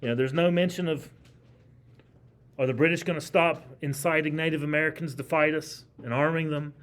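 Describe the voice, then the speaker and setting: A man's voice: fairly high pitch, fairly even intonation, a little fast, fairly bright tone. A man teaching a history class in a classroom. He lectures in a conversational, emphatic way and keeps putting questions to his students.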